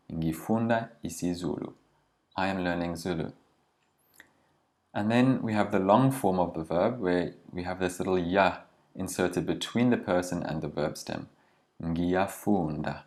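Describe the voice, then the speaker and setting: A man teaching a language lesson, patiently explaining grammar and slowing down to model each phrase. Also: deep voice, darkish tone. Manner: patient, slows down to model pronunciation.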